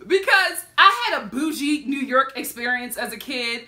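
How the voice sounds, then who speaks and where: Animated, bright-voiced woman vlogger. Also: high voice, normal speed. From Philadelphia, USA. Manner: animated, laughs often while telling stories. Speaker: reality TV reaction vlogger. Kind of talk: casual storytelling commentary.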